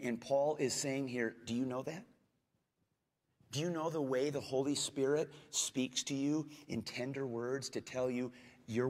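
A man preaching a sermon as pastor, earnest, asking his hearers questions and dropping at times to a soft, gentle tone. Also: mid-range voice. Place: church sanctuary. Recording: long hall reverb.

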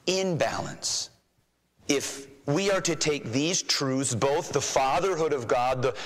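A man preaching a sermon as a pastor, emphatic, rising in pitch and volume when he reads scripture aloud. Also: a bit bright, big-room sound, poor audio.

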